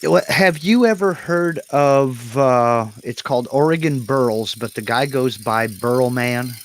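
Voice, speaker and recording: Man, mid-pitched voice, folksy, easygoing, relaxed chat, reads comments aloud, live-stream co-host. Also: slow, a little hiss or hum.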